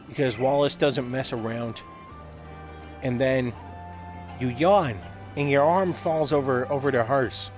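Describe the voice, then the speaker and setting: A young man rambling in a goofy comedic monologue while gaming, often repeating and stumbling over his words. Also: medium pitch. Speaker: gaming streamer.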